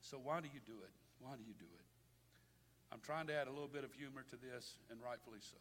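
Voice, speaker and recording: A man's voice: mid-range voice, quick pace, fairly bright tone. An older man preaching a sermon as pastor, impassioned and folksy, often repeating words. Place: church sanctuary. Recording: long hall reverb, faint noise.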